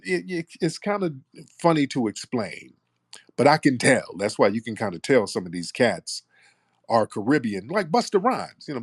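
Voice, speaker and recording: A man's voice: mid-range voice, slightly rough, no echo, clean studio sound. A man hosting a call-in talk show, arguing with and teasing callers in casual chat. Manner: animated, argumentative, teasing callers. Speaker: radio show host.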